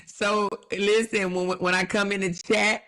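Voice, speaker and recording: A woman's voice: medium pitch, level tone, unhurried, fairly bright tone. A woman hosts a casual livestream in an emphatic, repetitive way. She laughs often and drags out her words to hammer home each point. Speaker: livestream commentary host.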